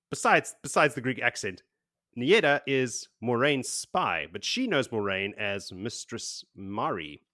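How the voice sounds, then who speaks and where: A man's voice: medium pitch, no echo. Dry-voiced man recapping a book. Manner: animated retelling with acted quotes and swearing. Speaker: podcast co-host. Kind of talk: casual book recap chat.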